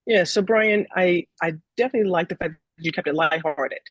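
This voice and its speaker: A woman's voice: on the low side, brisk, slightly rough, no echo, muffled recording. A woman who is a talent manager, giving upbeat feedback to an actor and repeating her points. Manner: upbeat, laughs, repeats herself.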